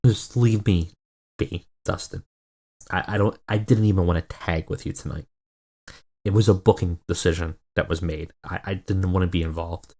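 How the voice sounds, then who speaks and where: A man reading the lines of a tired adult male wrestler who quietly pushes his brother away, in his own low voice. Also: steady tone, normal speed, gravelly, breathy edge, exaggerated voice. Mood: weary.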